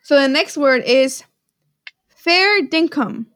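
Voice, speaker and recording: A woman's voice: high-pitched, animated, slow, fairly bright tone, no echo, studio quality. A woman co-hosting a podcast, chatting casually and playfully, often joking and then saying she is kidding. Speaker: podcast co-host. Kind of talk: casual chat, slang guessing game.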